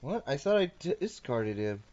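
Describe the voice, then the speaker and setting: A man's voice: medium pitch, very animated, moderate pace, darkish tone, dull audio. A man hosting a casual card game session, playfully narrating each of his moves. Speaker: host and card game player. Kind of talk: casual chat while playing a card game.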